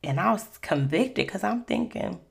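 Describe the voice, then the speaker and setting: A woman's voice: medium pitch, expressive, normal speed, vocal fry. A woman hosting a Christian podcast, telling personal faith stories in a conversational way with lots of "you know.". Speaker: podcast host.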